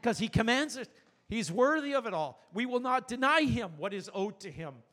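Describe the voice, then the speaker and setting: A man preaching a sermon as pastor, earnest and animated, with rhetorical questions. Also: very high voice, moderate pace.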